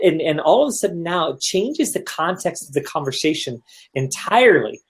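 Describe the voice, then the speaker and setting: Guest type: an earnest, explanatory man on a video call, voice pitched a bit high. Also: expressive, brisk. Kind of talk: casual live video-stream chat.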